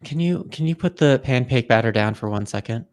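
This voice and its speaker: A man's voice: medium pitch, lively intonation, fairly quick, natural voice. A man playing a bemused husband in an improvised comedy scene, teasing his partner in a dry, mostly plain voice.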